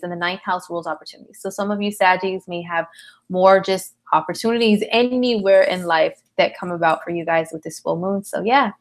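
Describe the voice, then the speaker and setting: A tired woman hosting a casual live astrology chat, talking in a slangy, chatty way and answering viewer comments. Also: medium pitch. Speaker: astrologer host.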